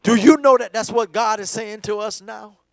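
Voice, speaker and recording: A man preaching a sermon in church, swinging from hushed talk to shouting, repeating words for emphasis. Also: high-pitched, normal speed, gravelly, no echo. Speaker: pastor. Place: church sanctuary.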